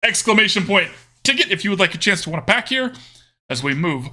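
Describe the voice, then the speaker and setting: Bright-voiced man streaming, hamming up a drawl. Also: high voice, big pitch swings, quick pace. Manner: joking, chatty, talks to chat with "y'all" and "friendo"; putting on a drawling cowboy-style accent for viewers. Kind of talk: live-stream commentary while playing a card game.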